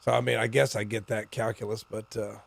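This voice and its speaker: A man's voice: on the low side, little pitch movement, a little fast, gravelly. A man co-hosting a sports talk show, with a dry, skeptical manner. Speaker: co-host. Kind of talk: casual sports radio chat.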